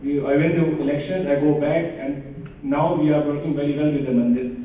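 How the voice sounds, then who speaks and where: Quick-talking man from Germany on a panel. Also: fairly high pitch, steady tone, highs cut off. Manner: quick, anecdotal, switches languages. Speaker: politician on a panel. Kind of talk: conference panel remarks. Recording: echoey hall, far from mic.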